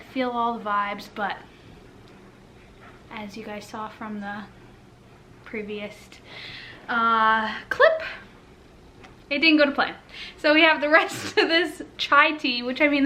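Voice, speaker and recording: Young woman, casual home vlog, rambling, breathless, bright tone, faint background noise. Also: on the high side. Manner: chatty, rambling, many fillers and restarts. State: pregnant, short of breath. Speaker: lifestyle vlogger. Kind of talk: casual chat to camera. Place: home, indoors.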